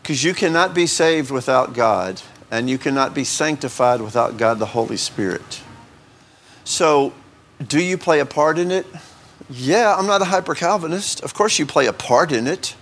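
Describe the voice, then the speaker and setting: A pastor preaching an informal sermon in a conversational, joking way, often asking the congregation questions. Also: male voice, on the high side, lively intonation, moderate pace, a bit bright, a little hiss or hum.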